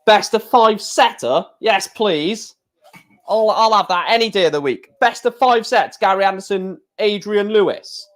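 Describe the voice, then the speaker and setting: Excitable man chatting to viewers. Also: sits high, measured pace. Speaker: live stream host. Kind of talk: casual live-stream chat.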